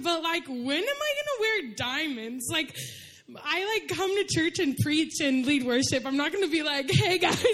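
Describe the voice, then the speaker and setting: Chatty young woman preaching, high voice. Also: a bit bright. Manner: chatty, full of "like", laughs while telling stories. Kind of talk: casual storytelling sermon.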